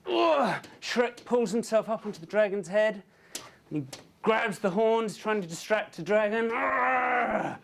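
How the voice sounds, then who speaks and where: A man pitching storyboards, narrating the action vividly and adding his own sound effects. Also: normal speed, slight background noise.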